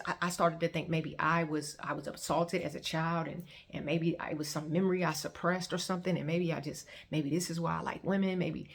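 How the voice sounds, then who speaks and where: A woman in her thirties telling her personal testimony in a conversational, storytelling way. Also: low-pitched. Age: 30s. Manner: conversational, animated when quoting others. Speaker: testimony vlogger.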